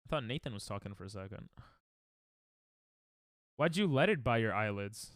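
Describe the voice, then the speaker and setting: A man's voice: lowish voice, lively intonation, moderate pace, a bit bright, no room sound, clean studio sound. A man streaming a speedrun, chatting casually and joking with chat, laughing often.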